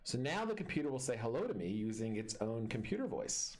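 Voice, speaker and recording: A man's voice: medium pitch, very animated, brisk, darkish tone. A male teacher walking students step by step through a screen-recorded classroom tutorial in a friendly way.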